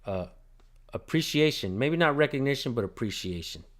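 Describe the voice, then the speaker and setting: A man's voice: medium pitch, animated, normal speed, fairly bright tone. A man hosting a casual livestream, telling a story bluntly with lots of swearing and thanking his viewers. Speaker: channel host filming police.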